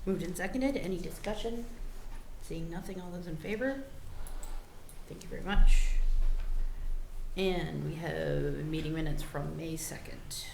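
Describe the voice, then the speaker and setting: A woman's voice: fairly low pitch, gravelly, darkish tone. Woman chairing a town meeting. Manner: brisk, procedural, lightly joking. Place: town office meeting room. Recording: echoey room, faint hum.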